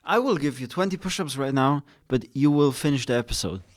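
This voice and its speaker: A man's voice: medium pitch, lively intonation, brisk. A young man co-hosting a casual motivational podcast, talking bluntly, swearing freely and laughing often. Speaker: podcast co-host.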